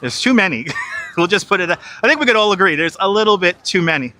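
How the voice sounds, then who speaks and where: Profane high-voiced New man streaming. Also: animated, fast, pushed and bright. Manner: profane, exasperated running commentary. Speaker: live streamer walking the city. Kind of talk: casual live-stream commentary. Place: busy city streets outdoors. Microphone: wireless lapel mic.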